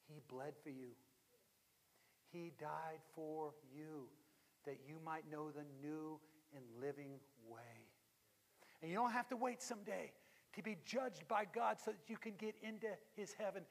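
A pastor with a high, light voice tells a story from the pulpit. He shifts from lively delivery to hushed, weighty moments for emphasis, and his words ring out with a long echo through the church. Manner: dramatic, drops to hushed tones for emphasis. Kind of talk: storytelling sermon. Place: church sanctuary. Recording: long reverb of a large hall.

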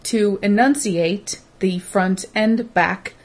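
Female co-host, mid-pitched, fast run-together delivery with a wry edge. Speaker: podcast co-host. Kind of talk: casual chat.

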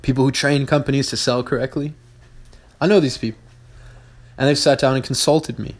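A man in a casual podcast monologue, speaking bluntly and cursing freely. He hammers points home by repeating them. His voice sits in an ordinary middle pitch. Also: steady tone, a little fast. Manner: blunt, profane, emphatic repetition. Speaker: podcast host, business owner.

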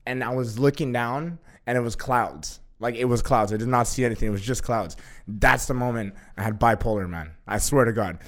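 A young man in casual chat, telling a story excitedly, swearing a lot and acting out what others said. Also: medium pitch, fairly quick. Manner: excitable, profane, acts out quotes with laughter.

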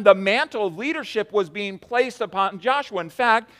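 A man preaching a sermon as pastor, swinging between hushed and loud emphatic delivery, with frequent restarts. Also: high-pitched, animated, moderate pace, hardly any pauses. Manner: repeats words, many restarts.

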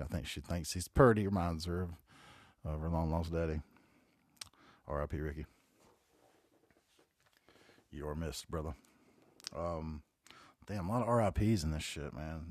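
A man's voice: very deep voice, a little mellow, no echo. A man in his forties with a Southern accent from North Carolina, rambling casually and profanely as he hosts a solo podcast. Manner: rambling, profane, laid-back storytelling. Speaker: podcast host.

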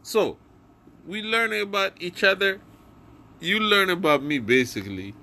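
A man's voice: high-pitched, lively intonation, normal speed, vocal fry, bright, forceful tone. A man hosting a podcast, rambling profanely through a casual monologue in a put-on comic accent, speaking into a phone. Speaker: podcast host.

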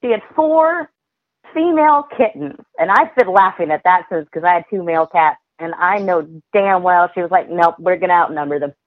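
Woman on a tinny line, lively. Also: fairly low pitch, moderate pace, no room sound. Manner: animated, swearing storyteller. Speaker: podcast guest. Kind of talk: casual chat. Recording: tinny phone-like line, dry.

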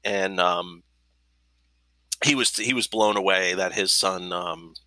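A man's voice: low-pitched, fairly even intonation, slow pace, bright, forceful tone, no room sound. A man co-hosting a podcast in casual chat, joking and swearing with many fillers. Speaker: podcast co-host.

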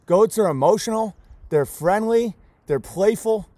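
Guy homesteader ranting at the camera, pretty high voice, worked up and teary, keeps repeating himself, dry close sound. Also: animated, measured pace, mellow, no echo. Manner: emotional, emphatic, repeats key words. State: close to tears. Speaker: homesteader raising goats and chickens. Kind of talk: impassioned vlog rant.

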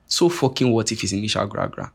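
Husky young man ranting. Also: on the low side, quick pace. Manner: profane, animated, rambling with many restarts. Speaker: podcast host. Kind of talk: casual monologue rant.

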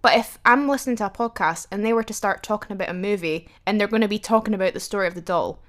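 A woman, co-hosting a casual podcast chat, playful and sassy with quick jokes. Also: medium pitch, a bit bright. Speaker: podcast co-host.

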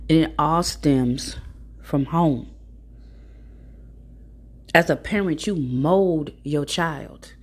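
Low, husky woman giving blunt advice. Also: drawn-out words, long pauses. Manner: blunt, profane, preachy and direct. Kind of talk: casual storytelling advice monologue.

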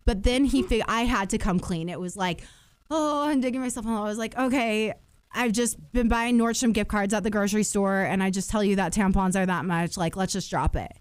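A woman's voice: mid-range voice, a little fast, clear, resonant tone, no room sound, clean studio sound. A woman telling stories in a casual chat, with lots of fillers and restarts. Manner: chatty storytelling, many fillers and restarts. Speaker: podcast guest.

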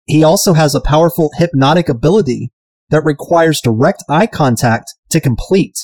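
A man's voice: on the high side, moderate pace, darkish tone, dry recording. A man hosting a podcast, recapping a TV episode in casual chat, irreverent and profane, sometimes mimicking characters. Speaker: podcast host.

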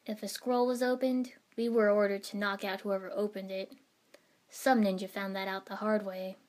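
A woman narrating a story in the first person with an even, steady reading. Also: mid-range voice.

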